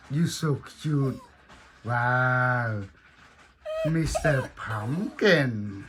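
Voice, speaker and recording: A woman's voice: very animated, slow pace, slight background noise. A woman filming her puppy and cooing to it in doting, repetitive baby talk. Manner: cooing, doting, repetitive, pitch swooping high and low.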